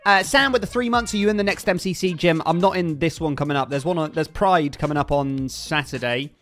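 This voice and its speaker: Bright, high-voiced guy streaming, chatty and upbeat, thanking viewers. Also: brisk. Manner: upbeat, reads out chat names and thanks donors. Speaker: livestreamer. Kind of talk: casual livestream chat.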